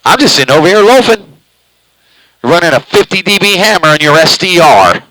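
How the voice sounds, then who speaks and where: A man's voice: high voice, big pitch swings, fairly quick, pushed and bright, no echo, poor audio. A man running a live CB radio station at home, chatting loosely with a drawl and speaking right up on the microphone. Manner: loose drawling talk, says he eats the microphone. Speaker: CB radio operator streaming live. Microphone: very close to the microphone.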